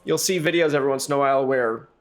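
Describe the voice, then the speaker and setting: A middle-aged man co-hosts a podcast in relaxed, casual chat. He talks in a halting, self-deprecating way and often restarts his sentences. His voice sits at an ordinary middle pitch. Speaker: podcast co-host.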